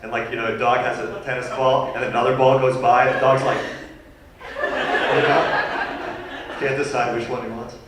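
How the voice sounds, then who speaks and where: A man telling a funny personal story as a guest speaker at a university lecture, animated and self-deprecating. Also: mid-range voice, normal speed, long pauses, very noisy. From New York. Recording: echoey hall recorded from far off.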